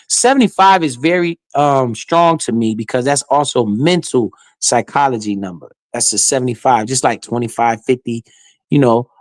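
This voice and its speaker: A man's voice: medium pitch, dry recording. A man streaming live, giving casual, slangy commentary with swearing and often speaking straight to his chat.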